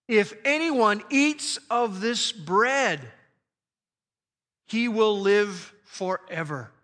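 A man preaching a sermon, slowing down and stressing key phrases with emphatic delivery. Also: sits high, expressive, sharp tone, in a large hall. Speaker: pastor.

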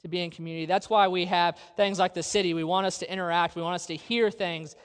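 A male preacher delivering a sermon in a church sanctuary, his voice sitting high for a man. He asks the congregation question after question and slows right down to stress a point. The sound carries a long reverb from the large hall. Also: fairly even intonation, smooth. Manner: earnest, with rhetorical questions and slow emphatic phrases.

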